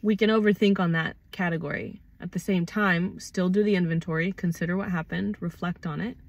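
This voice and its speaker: A woman's voice: fairly low pitch, fairly even intonation, brisk, vocal fry. A woman hosting her own channel, talking through her thoughts in a casual, reflective monologue, conversational and loose with swear words. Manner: thoughtful, conversational, swears freely, acts out quoted arguments. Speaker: channel host.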